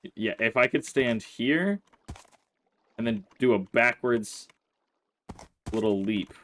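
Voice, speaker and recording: A man's voice: fairly low pitch, fairly bright tone, a little hiss or hum. A man hosting a casual let's play, commenting on his gameplay and grumbling in exasperation at his in-game horse.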